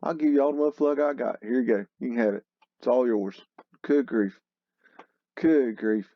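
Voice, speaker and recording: A man's voice: medium pitch, moderate pace, no room sound, muffled recording. A man hosting a casual commentary over old photos, scoffing and exclamatory, with a mocking edge. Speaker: host.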